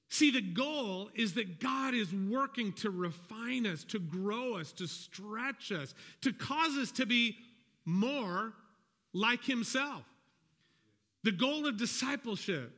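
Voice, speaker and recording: A pastor delivering a sermon, earnest and animated, acting out people's inner dialogue with God. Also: male voice, high voice, slow. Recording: reverberant hall.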